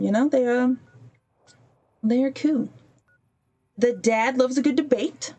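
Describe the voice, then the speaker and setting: A podcast host casually tells a story as she plays a game on a livestream, drifting off-topic to sort out her stream and briefly impersonating the people she quotes. Her fairly high voice is mellow, and she speaks unhurriedly with long pauses.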